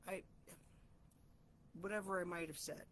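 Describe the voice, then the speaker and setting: A woman's voice: medium pitch, measured pace, a little hiss or hum. Heartfelt woman, rambling personal reflection. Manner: heartfelt, rambling, self-searching. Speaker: host of a reflection channel.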